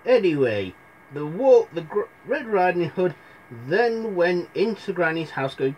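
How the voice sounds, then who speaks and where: A man's voice: high-pitched, big pitch swings, unhurried, darkish tone, slight background noise. A young man telling fairy tales in a rambling, irreverent comic retelling, full of asides. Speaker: storyteller.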